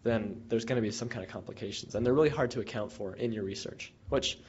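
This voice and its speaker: A man's voice: on the low side, fast, slightly rough. A young man, a former field researcher, casually telling students an anecdote in a rambling way, with many restarts and fillers. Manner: rambling, with many restarts and fillers, animated when retelling dialogue. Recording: dull lo-fi recording.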